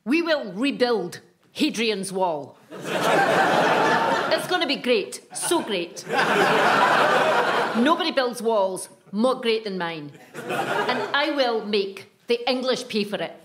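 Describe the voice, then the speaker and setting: A man voicing a bragging female leader with drawn-out boasts. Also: very high voice, lively intonation, very noisy, pitched above the performer's own voice, exaggerated voice. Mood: boastful.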